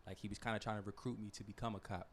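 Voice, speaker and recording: A man's voice: on the low side, flat delivery, very fast. A young man in his twenties, a podcast co-host, speaking thoughtfully with many fillers in a casual discussion. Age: 20s.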